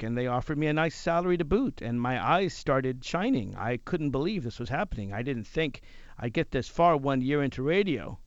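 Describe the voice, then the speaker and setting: A man who hosts talk radio, telling a personal story in an animated way. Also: medium pitch, moderate pace, no echo, highs cut off. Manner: animated, acts out other people's lines.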